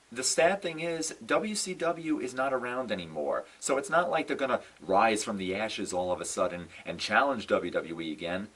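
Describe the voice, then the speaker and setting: A young man, a wrestling fan vlogger, rants casually to the camera in a lowish, slightly rough voice. He sounds exasperated and animated, sighing, repeating himself with lots of "no"s and stressing how let down he feels. The audio is poor and picked up from a distance.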